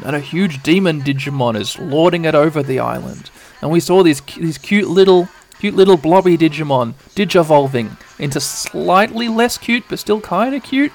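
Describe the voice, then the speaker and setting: A podcast narrator retelling a game's cutscenes as a bedtime story, rambling with playful asides. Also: mid-range voice.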